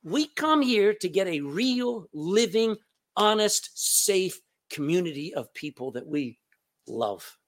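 A man's voice: sits high, very animated, takes it slowly. Man, texan accent, pastor, church sermon, emphatic, repeats words, calls out to the congregation. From Texas. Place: church sanctuary.

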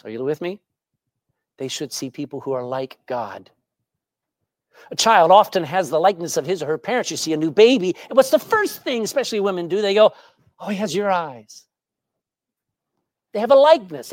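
Lively woman preaching a sermon. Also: on the low side, no echo, studio quality. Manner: animated, asks the congregation questions; tells jokes and anecdotes with a laugh.

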